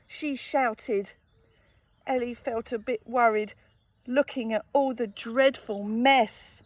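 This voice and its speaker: Soft, unhurried woman reading a storybook. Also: on the high side, no echo. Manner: gently expressive, with sympathetic asides. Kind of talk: children's picture-book read-aloud.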